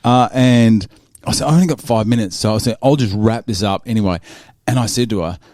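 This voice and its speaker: A man's voice: lowish voice, fairly quick, darkish tone, dry recording, studio quality. An Australian man hosting a podcast, telling a story in casual chat with many restarts. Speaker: podcast host.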